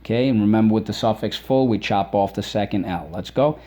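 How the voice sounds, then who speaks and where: A man's voice: lowish voice, a little fast, warm tone. A middle-aged man teaching a spelling lesson to children, repeating words and sounding out their syllables.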